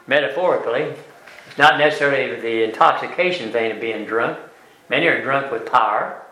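An older man leading a Bible study class, explaining verses word by word in a plain, folksy way with many pauses and fillers. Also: medium pitch, sharp tone. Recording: echoey room.

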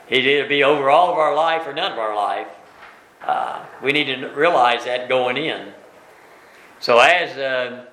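A man leads a Bible study in a bright, forceful voice, recorded in an echoey room. His speech is plain and folksy, with frequent "uh"s and rhetorical questions aimed at the group. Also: medium pitch. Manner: asks rhetorical tag questions. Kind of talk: conversational Bible teaching.

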